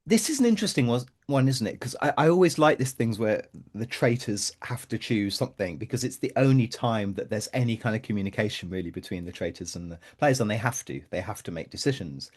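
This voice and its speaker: A male podcast co-host talks in an easy, conversational way, full of playful asides and laughter. His pitch swings widely, so he sounds animated and expressive. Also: fast talker, hardly any pauses. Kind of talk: casual podcast chat.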